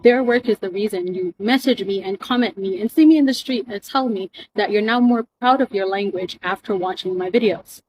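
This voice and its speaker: A woman's voice: medium pitch, fairly quick, hardly any pauses, a little mellow, a little hiss or hum, poor audio. Earnest Caribbean woman creator. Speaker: content creator. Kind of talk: earnest direct-to-camera commentary.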